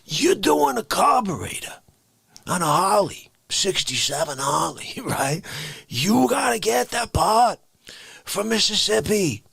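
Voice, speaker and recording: Animated comic man, shouting then whispering. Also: high-pitched, measured pace, vocal fry, slightly rough, no echo. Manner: animated, swinging from shouted rants to hushed whispers. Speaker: live-stream comedy host. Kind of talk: unscripted comic monologue.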